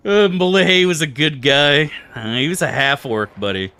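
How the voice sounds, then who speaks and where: A man streaming a video game, talking in a casual, animated, profane way and laughing often. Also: fairly high pitch, smooth.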